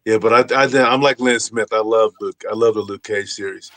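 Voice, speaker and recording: A man's voice: on the low side, fairly even intonation, fairly bright tone, no room sound. A man co-hosting a live chat show, talking casually with many restarts and repeated words. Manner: halting, repeats words, laughs easily. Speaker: co-host.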